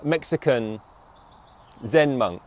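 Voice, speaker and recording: Male meditation teacher, mid pitch, very animated intonation; reflective dharma-talk delivery that keeps checking in with "yeah?". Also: takes it slowly.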